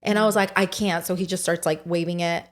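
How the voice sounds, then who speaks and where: A woman's voice: on the low side, steady tone, quick pace, a loud crowd. A young woman, a podcast guest, telling a frightening personal story in a breathless rush and swearing often.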